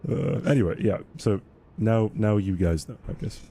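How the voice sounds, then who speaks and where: Low-voiced, rambling male streamer. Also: animated, moderate pace, gravelly, mellow, slightly rough. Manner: rambling, frequently ends points with "right?"; stammers and repeats words. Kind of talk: casual livestream chat while gaming.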